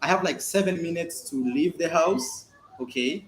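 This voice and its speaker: Male vlogger, animated storyteller, high lively voice, faint noise behind. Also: moderate pace. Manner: animated, emphatic storytelling with repetitions. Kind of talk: casual vlog monologue. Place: at home, indoors.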